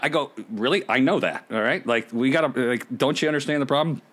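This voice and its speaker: A man's voice: mid-range voice, a little fast. Laughing storyteller man, middle-aged. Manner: animated, laughs often, acts out other people's lines. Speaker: podcast guest, former pro beach volleyball player. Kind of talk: casual storytelling.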